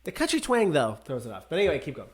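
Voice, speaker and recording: Animated male co-host, slightly high voice. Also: fast, breathy edge. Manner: animated, exclaims and laughs, asks for hints. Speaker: podcast co-host guessing singers. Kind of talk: casual chat. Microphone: headphones and microphone.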